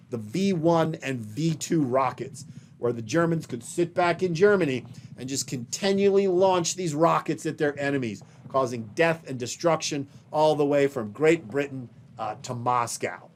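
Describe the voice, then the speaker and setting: Male history lecturer, slightly high voice, deliberate emphasis, faint noise behind. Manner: explains slides, pointing to images above him. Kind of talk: recorded video lecture.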